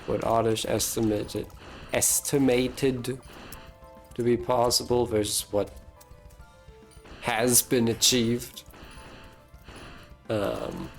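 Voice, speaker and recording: A streamer talking to chat over gameplay in a slow, unhurried way. The talk rambles, doubling back and restarting as they amuse themselves with their own thoughts. Faint music plays softly underneath. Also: mid-range voice, lively intonation, vocal fry. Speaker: live streamer playing a video game. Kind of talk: casual live-stream commentary.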